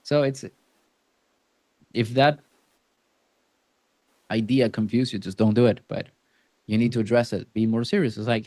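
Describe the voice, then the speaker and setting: A male sales coach giving feedback in a role-play session, blunt and emphatic, with animated shifts in his delivery. His voice sits at a medium pitch, close-miked and dry. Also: a little slow, pauses often, no room sound.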